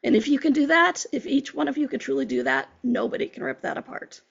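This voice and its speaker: A woman's voice: high voice, very animated, fast talker, gravelly, muffled recording. A woman hosting a podcast, giving an earnest, encouraging motivational talk as a life coach and acting out her chats with clients. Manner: earnest, encouraging, quotes herself and clients in conversation.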